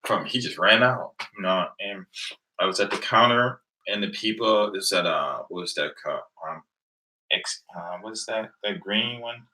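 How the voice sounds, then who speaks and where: Low-voiced man in his thirties rambling. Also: moderate pace, bright, forceful tone. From United States. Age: 30s. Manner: rambling storyteller, laughs often. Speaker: livestream host. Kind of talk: casual late-night chat with viewers. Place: home, late at night.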